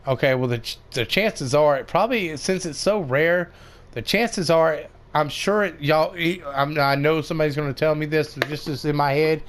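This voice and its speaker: A man's voice: a little high, normal speed, slight background noise. A man giving casual, rambling commentary over a game tutorial, with many fillers and restarts. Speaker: gaming video creator.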